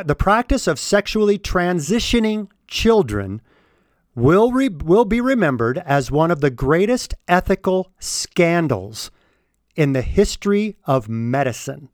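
Emphatic man with a lively voice. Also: on the high side, dry recording, studio quality. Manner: emphatic, repeats key words for stress. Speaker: commentator. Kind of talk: opinion commentary, reading from a report.

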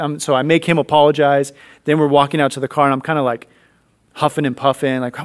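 Man, 30s, animated storyteller, faith talk, plays out the dialogue. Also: fairly high pitch, brisk.

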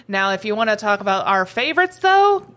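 A woman's voice: mid-range voice, very animated, brisk, fairly bright tone. A woman bakery guest in a radio studio, enthusiastic and keen to plug the menu. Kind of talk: casual studio interview.

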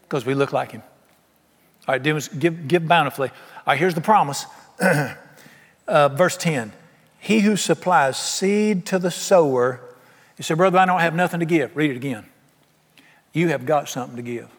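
A man preaching a sermon, folksy and animated, often acting out what people say. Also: fairly high pitch, unhurried, pauses often. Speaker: pastor. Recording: long hall reverb.

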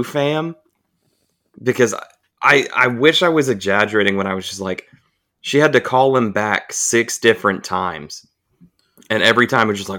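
A man's voice: lowish voice, sharp tone. A man co-hosting a casual podcast, telling an exasperated, rambling, profane story.

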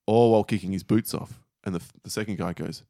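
A man with a lowish voice talks quickly in casual podcast banter, telling jokes in a dry, teasing way. The recording is close and dry. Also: steady tone, dark tone, no echo. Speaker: podcast co-host.

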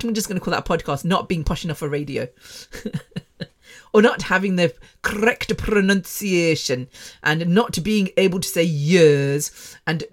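Chatty self-mocking woman podcaster. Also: sits low. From England. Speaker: podcast host and former radio presenter. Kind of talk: casual monologue.

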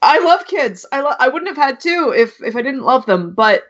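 A woman with a fairly high voice chats on a podcast, sarcastic, swearing freely and laughing between lines. She sounds like she is in her thirties. The sound is a bit dull and lo-fi. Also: sing-song, moderate pace. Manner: profane, sarcastic, laughs often. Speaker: podcast co-host. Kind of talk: casual chat.

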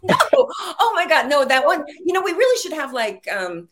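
A middle-aged Texan woman, a playwright and screenwriter, tells stories as a guest in a casual chat. Her voice sits high, and she's an animated storyteller who laughs often.

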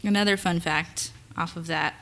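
Bright woman co-host, earnest fact-sharer. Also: fairly low pitch, steady tone, moderate pace, creaky. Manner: shares fun facts and quotes, earnest. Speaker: podcast co-host. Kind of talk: casual movie chat.

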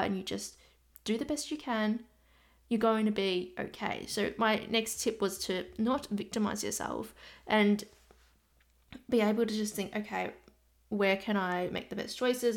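A woman nutrition coach from Australia talking casually on her solo podcast, chatty and direct, slipping into quick asides in her clients' voices. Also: medium pitch.

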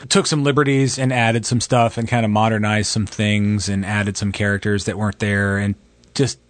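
A man's voice: fairly low pitch, flat delivery, moderate pace, no echo. A man in casual conversation, chatty and joking about films. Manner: chatty, jokey movie talk. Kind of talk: casual chat.

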